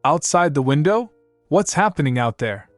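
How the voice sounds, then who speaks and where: Guy doing an excitable little princess girl, high and flustered. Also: normal speed, faint music behind.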